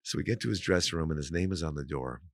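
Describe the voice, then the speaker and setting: A man, a guest comedian, telling stories in a casual chat, animated and full of "you know"s. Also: rumbling low, quick pace, no echo, studio quality.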